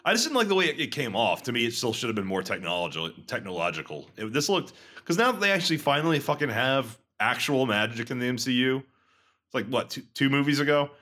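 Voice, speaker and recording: A man's voice: mid-range voice, sing-song, fast, sharp tone. A man co-hosting a podcast, making wry, critical remarks in casual chat. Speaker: podcast co-host.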